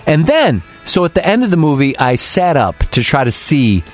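A man's voice: on the high side, moderate pace. A male podcast host in loose, profane chat mode, his voice leaping up and down as he recounts things. Faint music plays under him. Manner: animated, swears freely, mimics people. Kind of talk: casual profane storytelling.

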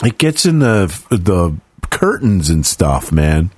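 A man co-hosting a casual podcast, reacting with quick jokes and exclamations. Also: deep voice, big pitch swings, a little hiss or hum. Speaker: podcast co-host. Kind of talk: casual chat.

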